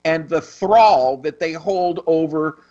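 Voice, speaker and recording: A male radio co-host with a higher voice talks to his listeners in a wry, teasing manner. The sound is dull, like a lo-fi broadcast. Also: slow pace, warm tone. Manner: wry, speaks to listeners, mocks experts. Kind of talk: casual radio talk banter.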